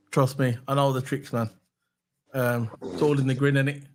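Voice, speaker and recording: A man's voice: mid-range voice, steady tone, slow, slight background noise. A British man hosting a casual live stream, blunt and opinionated, repeating his phrases. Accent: British English. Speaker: streamer host. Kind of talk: casual chat.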